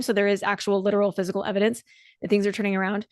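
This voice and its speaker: A woman's voice: medium pitch, steady tone, racing, dry recording, studio quality. A woman hosting a solo podcast, coaching listeners in an encouraging, conversational way with repeated words. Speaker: podcast host and dance coach.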